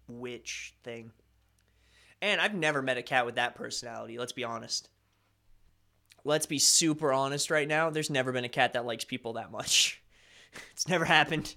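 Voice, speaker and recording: A man's voice: mid-range voice, moderate pace, pauses often, bright, forceful tone. A young man hosting a casual live stream, chatting loosely and reading viewer comments with a self-deprecating, rambling manner.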